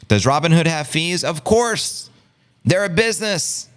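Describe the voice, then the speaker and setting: A man with a New York-area accent hosts a live stream, reading the chat aloud and calling viewers family with loud enthusiasm. His voice is smooth and resonant, and his pitch swings up and down with each line. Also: measured pace. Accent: New York City area. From Long Island, New York. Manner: animated, hype-filled, talks to viewers as family. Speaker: livestream host reading chat.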